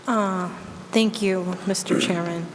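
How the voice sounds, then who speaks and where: A woman's voice: medium pitch, steady tone, slow pace. A woman in her thirties speaking as a school committee member at a public meeting, making an earnest, impassioned appeal. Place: town meeting room. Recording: echoey meeting hall, faint background noise.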